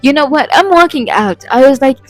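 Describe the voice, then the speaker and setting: A woman's voice: high voice, lively intonation, fairly quick, faint music behind, low-quality recording. A young woman telling a storytime vlog, rambling, swearing and laughing at herself. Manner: rambling, profane and self-deprecating, laughing often. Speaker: vlogger.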